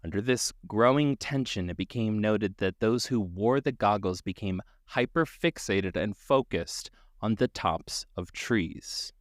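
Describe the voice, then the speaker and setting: A man's voice: fairly low pitch, a little slow, few pauses, no room sound, clean studio sound. A man hosting a podcast, telling a story dramatically, swearing casually and laughing often.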